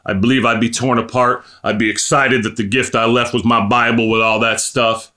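Bright-voiced preacher. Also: male voice. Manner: impassioned, rising to emphatic high-pitched peaks. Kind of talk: sermon.

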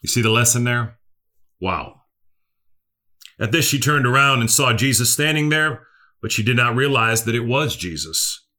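Man, preacher, earnest sermon, questions to the congregation, bright tone. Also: medium pitch, animated, moderate pace, pauses often. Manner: earnest, repeats key phrases, asks the listeners questions.

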